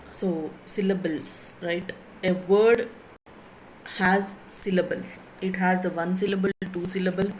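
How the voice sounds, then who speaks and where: Slow-paced Indian woman teaching English. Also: on the low side, darkish tone, slight background noise, rough recording. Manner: repeats key phrases, spells words letter by letter. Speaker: lecturer in English. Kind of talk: classroom lecture.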